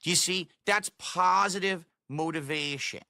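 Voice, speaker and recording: A man's voice: high-pitched, unhurried, creaky, bright, forceful tone, no room sound, studio quality. A man ranting on his livestream, self-assured and insulting toward his critics. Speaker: streamer. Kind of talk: livestream rant.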